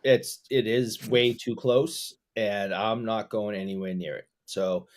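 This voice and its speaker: A man's voice: fairly low pitch, steady tone, unhurried. A man on a casual chat show bluntly complaining about food he dislikes.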